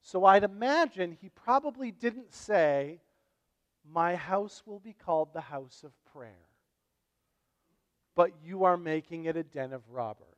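A man preaching a sermon as pastor, conversational and animated, with casual asides to the congregation. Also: high-pitched, a little slow, dull audio. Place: church. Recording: long reverb of a church hall.

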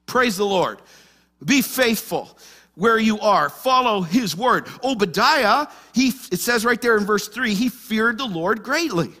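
A man's voice: high voice, pushed and bright. A man preaching a sermon as pastor, animatedly acting out the anxious voices of scripture figures. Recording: long hall reverb.

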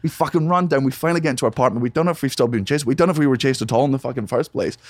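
Man, comedian guest, animated profane storyteller, medium pitch, dry close sound. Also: very fast, no room sound. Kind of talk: casual storytelling chat. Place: home podcast studio.

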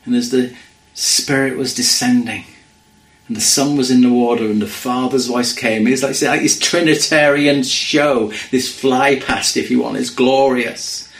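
A man preaching a sermon in an earnest way, dropping to a hush when he quotes scripture. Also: mid-range voice, fairly even intonation, unhurried, echoey room, rough recording. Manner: earnest, drops to hushed quoting of scripture.

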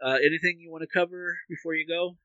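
Bright-voiced man co-hosting a podcast. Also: a little high, steady tone, quick pace, dry recording, highs cut off. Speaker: podcast co-host. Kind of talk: casual podcast chat.

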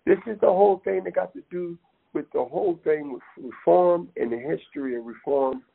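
A man speaks in an impassioned, rambling way and keeps pressing the listener directly. His voice is gravelly and sits a little high. The sound is thin and narrow, like a phone call. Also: moderate pace. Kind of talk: impassioned casual talk. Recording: tinny phone-line audio.

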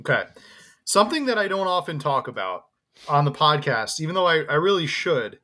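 A man co-hosts a casual podcast with a bright, forceful tone and a slightly raised pitch. He rambles through his points, laughing and restarting as he goes. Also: very animated, fairly quick. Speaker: podcast co-host.

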